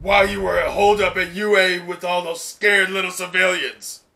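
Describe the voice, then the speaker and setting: A man's voice: high-pitched, flat delivery, moderate pace, creaky, sharp tone, pitched above the performer's own voice, exaggerated voice. A man voicing a brash, taunting young male villain who sneers and mocks. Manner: sneering, mocking.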